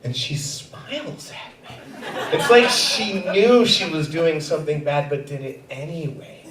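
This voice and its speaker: A man in his thirties doing a stand-up set, self-mocking and often dropping into quiet asides. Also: a little high, measured pace, a little hiss or hum. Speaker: stand-up comedian. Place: comedy theater stage. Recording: echoey theater, far from mic.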